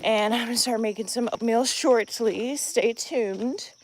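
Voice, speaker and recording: High-pitched woman vlogging around her off-grid cabin, slow easy talk, keeps saying y'all to the viewers. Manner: chatty, talks to viewers, calls them y'all. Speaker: vlogger, homestead channel co-host. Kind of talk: casual live-stream vlog. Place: off-grid cabin and homestead, in and out of doors.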